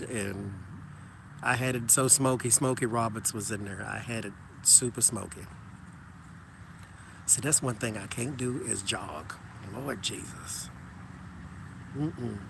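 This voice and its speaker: A man casually chatting with his viewers while walking outside, animated and joking, talking to them as "y'all". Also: mid-range voice, takes it slowly, vocal fry, pauses often, background noise. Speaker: tarot reader chatting with live viewers.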